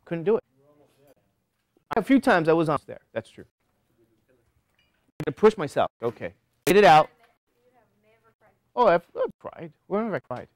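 Lively preachy male college teacher. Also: fairly high pitch, moderate pace, pauses often, no room sound. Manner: lively, preachy, rhetorical questions to students. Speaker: college statistics instructor. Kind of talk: classroom lecture digression. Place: classroom.

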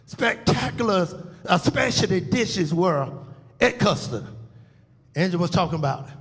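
A man with a high voice preaches a funeral eulogy as pastor. His delivery swells into loud call-outs to the congregation, then drops back to a softer register. A long hall reverb hangs on every phrase. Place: church sanctuary.

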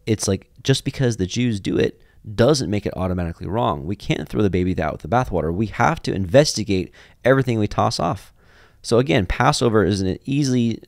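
A man's voice: lowish voice, gravelly, a little mellow, no echo, studio quality. A man giving an informal, conversational Bible teaching, drifting off on side tangents and reading passages aloud. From grew up in a Jewish family. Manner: conversational, digressive, reads scripture aloud.

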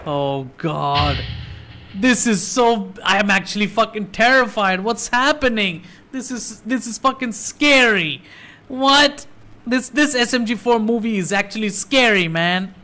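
A man reacting to a cartoon on screen, excitable and cursing, talking back to the characters. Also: sits high, a little slow. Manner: excitable, swears a lot, talks back to the screen. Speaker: reaction video host. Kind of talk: casual reaction commentary. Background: cartoon audio and music playing.

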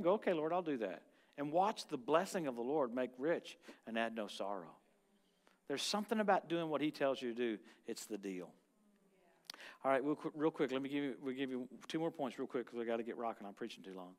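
A man with a somewhat high voice preaches a lively, animated sermon. He jumps between loud, excited bursts and quieter, low-key asides. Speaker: guest preacher.

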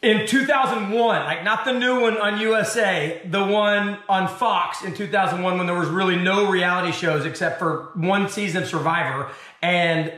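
A man's voice: high voice, normal speed, echoey room. A man from Arkansas, a television host, telling his story as an interview guest and acting out the people in it. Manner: animated storyteller acting out other voices.

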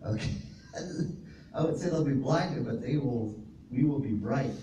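A man's voice: medium pitch, lively intonation, unhurried, warm tone, far from the mic. A male pastor preaching a sermon, reading scripture aloud and explaining Greek words to his congregation. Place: fellowship hall. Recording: roomy echo, voice from off-mic, faint noise.

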